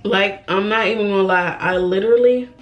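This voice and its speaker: A young woman vlogging while doing her makeup, holding back tears and talking in a halting, repetitive way. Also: mid-range voice, highs cut off, faint music behind. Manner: halting, emotional, repeats herself, sighs. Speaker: beauty vlogger. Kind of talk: get-ready-with-me chat.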